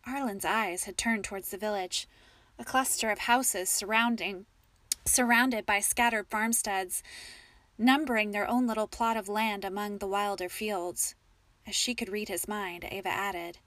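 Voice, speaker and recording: A woman narrating a story in a calm, measured storytelling manner. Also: medium pitch, no echo. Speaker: audiobook narrator.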